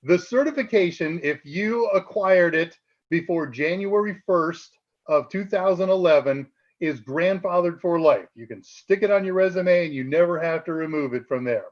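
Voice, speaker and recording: A man's voice: a little high, normal speed, highs cut off. A man co-hosting a live tech Q&A stream, explaining exam answers in a chatty way and laughing often.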